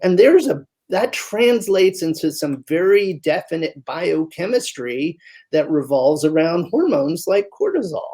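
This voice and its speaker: Male physician guest with a husky, raspy voice, chatty and animated, acting out examples. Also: fairly high pitch, measured pace. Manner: animated storyteller who acts out voices. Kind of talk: conversational interview.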